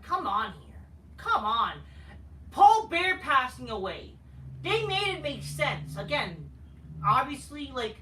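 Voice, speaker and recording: A woman's voice: high-pitched, bright, forceful tone, a little hiss or hum. Profane, sarcastic woman ranting in echoey room. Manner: crude, sarcastic, heated. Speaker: wrestling show reviewer. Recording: echoey room, far from mic.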